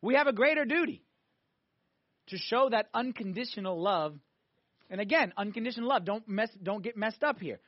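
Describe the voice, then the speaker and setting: Male priest, high voice, animated sermon, dull dry lo-fi recording. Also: normal speed, no room sound. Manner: animated preaching, swinging between loud emphatic peaks and quiet asides.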